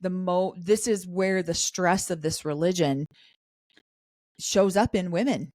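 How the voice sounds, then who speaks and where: Middle-aged woman co-host, lowish voice, dry close sound, chatty recap energy. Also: a little mellow, no room sound. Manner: chatty, quotes the cast in quick asides. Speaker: podcast co-host. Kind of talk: casual recap chat.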